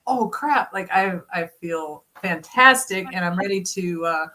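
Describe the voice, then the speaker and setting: A woman chatting as a podcast guest, animated and openly dramatic, laughing easily. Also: fairly low pitch, a little slow. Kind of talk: casual chat.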